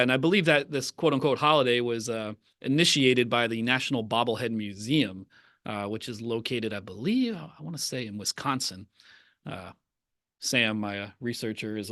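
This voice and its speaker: A man's voice: mid-range voice, no room sound. Man, podcast co-host, casual rambling chat, dry close sound. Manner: rambling, hesitant with many fillers.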